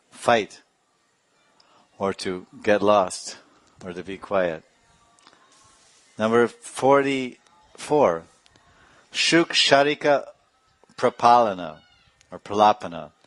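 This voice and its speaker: Low-voiced man telling devotional stories. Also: no echo. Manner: animated storyteller with sound effects and asides. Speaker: spiritual teacher. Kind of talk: devotional storytelling class.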